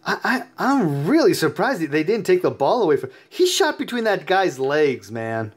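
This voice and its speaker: A tired, sleepy man giving chatty, excitable gameplay commentary as host of his own channel, laughing often. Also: on the high side, moderate pace, slightly rough. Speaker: mobile game player and YouTube host.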